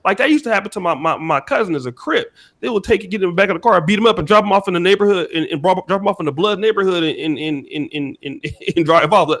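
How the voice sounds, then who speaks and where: A man's voice: high-pitched, expressive, fast, hardly any pauses, a bit bright. A young American man with an American accent speaking bluntly in a casual podcast chat, swearing freely.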